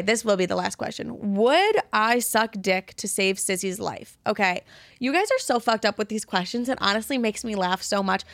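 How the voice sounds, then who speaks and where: A woman's voice: medium pitch, fairly bright tone, no echo, clean studio sound. A young woman hosting a solo podcast, chatting candidly and profanely, a little out of breath. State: slightly out of breath. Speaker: podcast host. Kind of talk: casual solo podcast chat.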